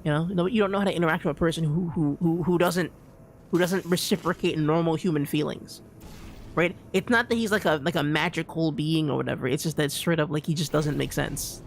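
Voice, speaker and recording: A game streamer with a medium-pitched voice talks a little fast through casual gameplay commentary, rambling, restarting, and repeating himself. He tosses out an easygoing "dude" now and then, over a bit of hiss or hum.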